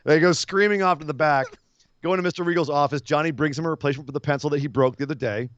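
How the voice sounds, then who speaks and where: A man co-hosting a casual wrestling podcast, animated and laughing often as he recaps. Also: on the high side, racing, no room sound. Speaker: podcast co-host. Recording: dull lo-fi podcast audio.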